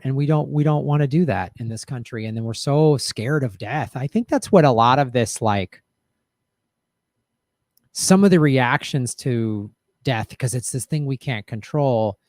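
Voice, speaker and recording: A man's voice: mid-range voice, lively intonation, moderate pace, darkish tone, no room sound, studio quality. A man hosting a show, talking in a casual, reflective and rambling way to his viewers, with many fillers and restarts. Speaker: show host. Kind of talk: casual commentary to live chat.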